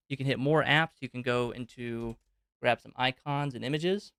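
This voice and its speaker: A man hosting a live question-and-answer stream, talking loosely and thinking aloud with plenty of fillers. His voice is smooth and clear, at an average pitch, and it sounds dry, with no room echo. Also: normal speed, a bit bright. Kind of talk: casual live Q&A, explaining on screen.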